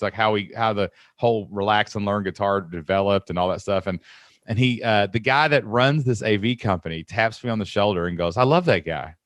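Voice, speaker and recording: A man's voice: on the low side, no room sound, clean studio sound. A man in his thirties with an American accent, hosting a podcast interview and telling stories with lots of enthusiasm. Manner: enthusiastic, animated storytelling with quoted voices. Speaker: podcast host.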